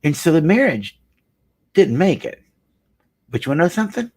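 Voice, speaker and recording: Man, middle-aged, marriage counselor, husky voice, very lively pitch, earnest emphatic storytelling. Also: moderate pace. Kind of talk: storytelling talk.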